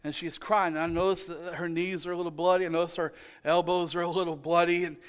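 A male pastor with a drawl preaches in a church, his voice high for a man and notably smooth and resonant. He mixes scripture with a homey family story, repeating key words and tossing in quick jokes. The delivery is conversational but driven by the rhythm of the pulpit. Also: level tone. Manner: storytelling with call-and-response, humorous asides. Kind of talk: sermon. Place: church sanctuary.

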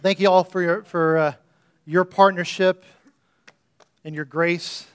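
Preacher guy, kinda high voice, chatty storyteller, gets fervent praying. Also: fairly even intonation, unhurried, smooth. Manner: conversational, storytelling preacher, rising into fervent prayer. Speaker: pastor. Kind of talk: church sermon and offering prayer. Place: church sanctuary before a congregation.

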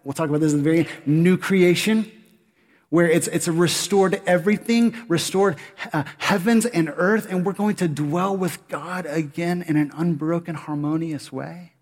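A man preaching a sermon as pastor, animated, with rhetorical questions to the congregation. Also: on the high side, moderate pace. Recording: long hall reverb.

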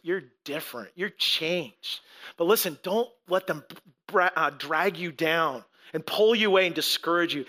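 A man's voice: sits high, sharp tone. A middle-aged male pastor giving a conversational sermon, telling the story with animation and acting out the voices of the people in it.

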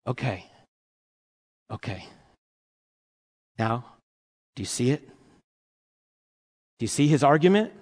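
A man preaching a sermon to his congregation in an animated, playful way, asking them rhetorical questions. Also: mid-range voice, slow pace, long pauses, husky. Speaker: pastor. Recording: long hall reverb.

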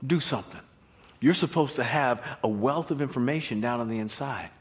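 A man preaching a sermon in an animated way, acting out the Bible story. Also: medium pitch, fairly quick. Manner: animated, acts out Bible scenes.

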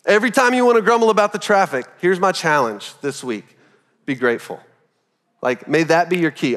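A man's voice: fairly high pitch, fairly quick. Conversational male pastor preaching in a reverberant hall. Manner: conversational, animated storytelling with frequent "like". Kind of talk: sermon. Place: church auditorium.

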